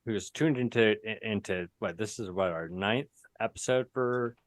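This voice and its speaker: A man's voice: lowish voice, a little slow, dry recording. A man hosting a live tabletop game over a video call, talking loosely with many fillers and restarts. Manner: rambling, filler-heavy, self-correcting. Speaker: game master and host. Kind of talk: casual chat opening a live tabletop show.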